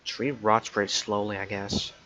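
A man's voice: fairly low pitch, flat delivery, normal speed, bright, forceful tone, low-quality recording. A man giving casual gaming commentary, muttering irritably and swearing a lot. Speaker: gameplay commentator. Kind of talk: casual let's play commentary.

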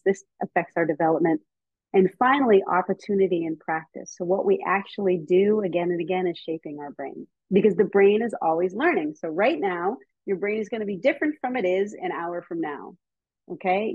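American woman giving a casual lecture on a video call, chatty, kinda husky, muffled audio. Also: on the low side, dry recording. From United States. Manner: lively and chatty, with frequent ums. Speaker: speaker on child development. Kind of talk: casual lecture to teachers and parents.

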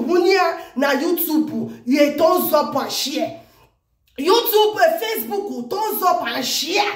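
Excitable high-voiced Nigerian woman. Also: roomy sound. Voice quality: animated, exclamatory, repeats herself. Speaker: vlogger. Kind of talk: excited news commentary vlog.

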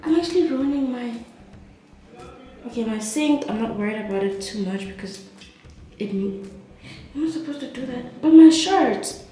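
A woman's voice: a little high, moderate pace, pauses often, warm tone. A young woman vlogging casually at home, chatty and exclamatory, yelping now and then. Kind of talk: casual vlog narration. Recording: very echoey room, faint background noise.

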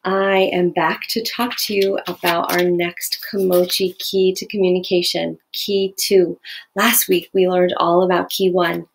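Gentle woman teaching schoolchildren. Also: fairly low pitch, gravelly. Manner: gentle, patient, asks the children questions. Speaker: school staff member teaching students. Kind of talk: recorded video lesson for children.

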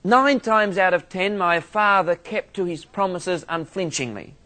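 Brief: Australian male minister, theology lecturer, fairly high voice, humorous storyteller. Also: measured pace, pushed and bright. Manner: humorous storytelling, self-mocking asides.

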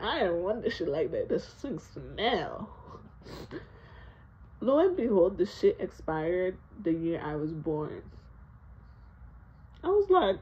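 A young woman telling a storytime vlog, animated, laughing and swearing a lot, with plenty of fillers. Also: mid-range voice, unhurried, pauses often, highs cut off, slight background noise. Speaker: vlogger.

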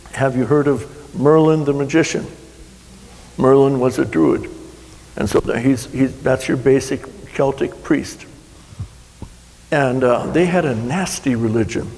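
A man's voice: medium pitch, creaky, darkish tone. A middle-aged man, a pastor, preaching a sermon in a folksy, rambling storytelling way with frequent restarts. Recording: long hall reverb.

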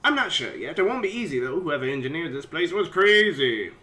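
A man voicing a stranded traveling tinker, reading the character's lines aloud in a plain, quick way. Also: a little high, very animated, bright, forceful tone. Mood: matter-of-fact.

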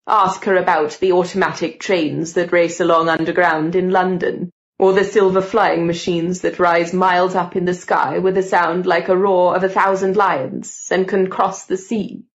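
A woman voicing an old aristocratic male count who talks in a slow, grand and theatrical way. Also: on the low side, level tone, dull audio, close to an everyday voice. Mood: grandly scheming.

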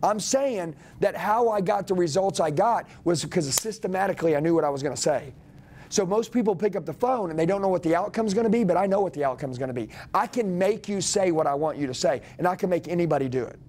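Forceful man coaching a sales team. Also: sits high, animated, fast talker. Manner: forceful, commanding, repeats lines for emphasis. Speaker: sales trainer. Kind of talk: energetic live sales training.

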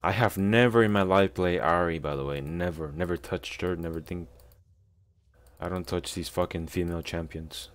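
A gameplay streamer with a low voice gives casual commentary at a moderate pace, swearing often and complaining out of frustration in profane trash talk.

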